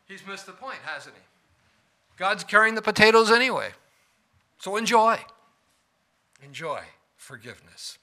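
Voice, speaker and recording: Male preacher, bright and a bit high, dynamic sermon delivery with questions to the congregation. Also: big pitch swings, a little slow, pauses often. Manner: swings between loud emphasis and quiet asides, asks the room questions.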